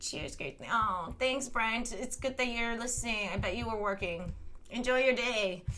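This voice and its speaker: A woman's voice: fairly high pitch, measured pace, bright, forceful tone, a little hiss or hum. A woman in her thirties chatting casually on a live stream, rambling, laughing often and reading viewer comments aloud. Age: 30s.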